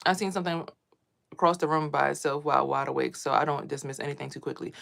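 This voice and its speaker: Fast-talking woman with a gravelly low voice. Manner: animated, swears freely, acts out what others said. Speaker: vlogger. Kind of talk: casual personal storytelling.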